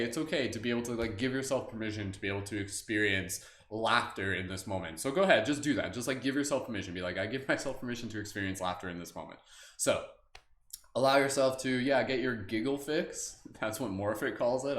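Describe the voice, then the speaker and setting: A man's voice: fairly low pitch, a bit bright. A man hosting a live-streamed guided meditation, talking loosely and rambling into silly asides between affirmations. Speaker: meditation host. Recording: roomy echo.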